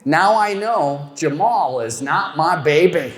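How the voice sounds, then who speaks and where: A man's voice: fairly high pitch, takes it slowly, noisy background. A middle-aged man performing a stand-up comedy routine on stage, telling self-mocking stories and chatting with the crowd. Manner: animated storytelling, self-mocking punchlines. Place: comedy show stage before a live audience. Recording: echoey hall with long reverb.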